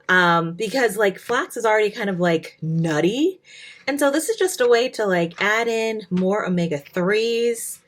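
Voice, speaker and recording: A woman's voice: mid-range voice, expressive, measured pace. Chatty woman, casual home-kitchen food vlogger, loose and conversational. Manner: chatty, lots of "like" fillers. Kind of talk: casual cooking vlog.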